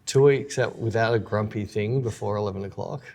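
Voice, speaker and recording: A man with an Australian accent chats casually as a podcast co-host, with a low, gravelly voice. He talks in a dry, teasing way, poking fun as he goes. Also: a little fast, darkish tone, slight background noise. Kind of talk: casual chat.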